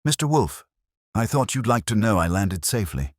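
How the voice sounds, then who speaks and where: A man's voice: fairly low pitch, sing-song, normal speed, no echo, studio quality, pitched above the performer's own voice. A man reading the lines of a guarded woman on a phone call, cool and clipped.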